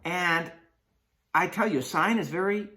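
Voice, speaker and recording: A man teaching a math lesson in a playful way, acting out sine and cosine as friends in quick skits. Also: high-pitched, pushed and bright.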